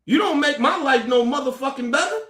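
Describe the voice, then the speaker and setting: A man's voice: extremely high pitch, animated, a little fast, a bit bright. A man delivering a heated, confrontational rant to camera, cursing and repeating his words as he stumbles over them. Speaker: commentator. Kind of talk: angry profane rant to camera. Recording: echoey room.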